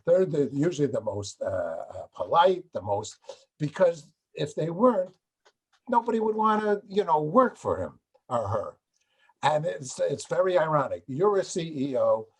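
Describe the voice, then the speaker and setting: A man's voice: a little high, big pitch swings, moderate pace, breathy edge. An older male host who talks in a rambling way in a casual interview, restarting his sentences and laughing as he talks. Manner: rambling, many restarts, laughs while talking.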